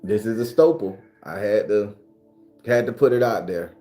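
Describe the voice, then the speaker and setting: A man's voice: lowish voice, moderate pace, warm tone. Man, casual live-stream host, rambling, profane, roomy echo, faint music. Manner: loose, rambling, profane, talks to viewers.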